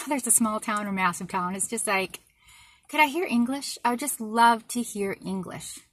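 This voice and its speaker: A woman's voice: mid-range voice, pushed and bright, dry recording. A woman from the United States ranting in an indignant, exasperated monologue to her viewers, often repeating herself for emphasis. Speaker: vlogger.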